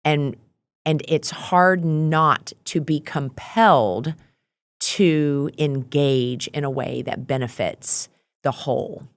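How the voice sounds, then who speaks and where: A middle-aged woman guesting on a studio podcast, playful and teasing and quick to laugh. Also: deep voice, dry recording. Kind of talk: casual chat.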